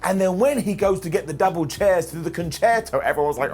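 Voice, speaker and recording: A young man giving a jokey, animated retro wrestling review voice-over, quoting wrestlers in quick asides. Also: on the high side, breathy edge.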